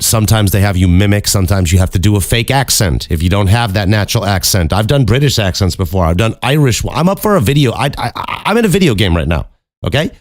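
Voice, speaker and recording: A man's voice: fairly low pitch, no room sound, studio quality. A man from Chicago, a podcast host and voice actor, talking casually and candidly about his craft, with swearing and joking asides. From Chicago, USA. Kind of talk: casual monologue.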